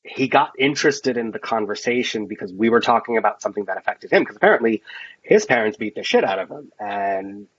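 A man's voice: lowish voice, expressive, fairly quick, a bit bright, slightly rough, lo-fi sound. A man chatting casually as a podcast guest, telling long rambling stories full of fillers and acted-out dialogue. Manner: rambling storyteller, many fillers and quoted dialogue. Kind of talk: casual chat.

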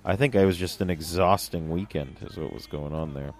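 A man's voice: sits low, brisk, darkish tone. A young man co-hosting a casual podcast chat, rambling with lots of fillers. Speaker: podcast co-host.

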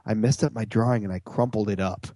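A man's voice: lowish voice, steady tone, fast, a crowd in the background. A man co-hosting a podcast, telling stories in casual chat with a self-mocking tone. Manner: self-mocking storyteller, acts out voices. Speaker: podcast co-host.

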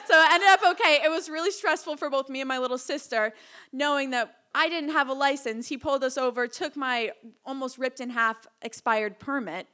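A young woman from Massachusetts telling a personal story to a live audience, breathless and animated, with lots of fillers. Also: high-pitched, normal speed. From Massachusetts, Cape Cod. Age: young adult. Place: small hall before a live audience.

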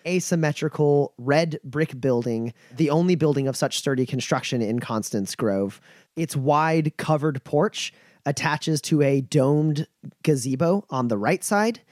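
A man running a tabletop game, describing scenes at length in a slightly raised voice. He pauses with frequent hesitations and restarts, recorded close and dry with no room sound. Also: on the high side, darkish tone, no room sound. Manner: descriptive narration full of uh and restarts. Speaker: game master.

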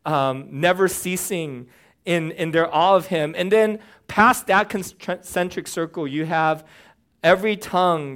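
A young man preaching in an easygoing, conversational way, animated and joking at times. His voice is smooth and clear, sitting a little high for a man. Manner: conversational, animated, with fillers and humor. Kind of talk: casual sermon.

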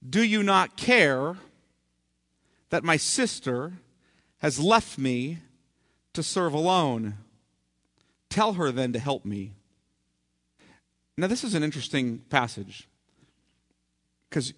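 Bright-voiced man preaching a sermon. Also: sits high, big-room sound. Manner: preaching with role-played complaints. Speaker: pastor. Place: church sanctuary.

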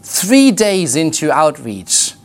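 A man teaching a ministry school class, telling lively outreach stories and acting out the voices of the people in them, with frequent restarts. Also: a little high, takes it slowly. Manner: animated storyteller, acts out quoted voices, frequent restarts.

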